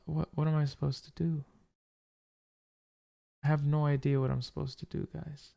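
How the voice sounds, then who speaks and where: A man's voice: on the high side, flat delivery, moderate pace, vocal fry, dark tone. A tired, frustrated man commentating his own chess game, thinking aloud and talking to viewers. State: tired from little sleep. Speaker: chess streamer.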